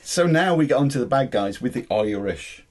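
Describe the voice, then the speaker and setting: A man's voice: medium pitch, animated, moderate pace. A man co-hosting a casual film review podcast, joking and laughing through banter. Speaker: podcast co-host.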